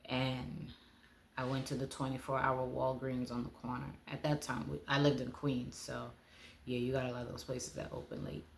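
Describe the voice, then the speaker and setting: A woman giving a personal testimony, speaking in a heartfelt way and often dropping to a hush. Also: rumbling low, flat delivery, normal speed, vocal fry, a little hiss or hum. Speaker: speaker sharing her testimony.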